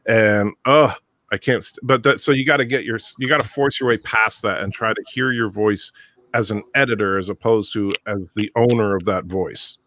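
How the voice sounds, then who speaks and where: Bright-voiced chatty man. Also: lowish voice, normal speed. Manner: chatty, self-interrupting, jokey. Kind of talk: casual group chat. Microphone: studio microphone.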